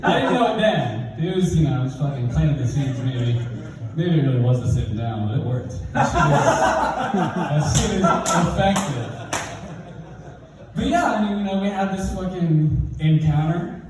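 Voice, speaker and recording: Animated young man doing stand-up in a hall. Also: moderate pace, noisy background. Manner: animated, jumps into high and low voices for quoted characters. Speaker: stand-up comedian. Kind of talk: stand-up storytelling. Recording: roomy hall, mic from a distance.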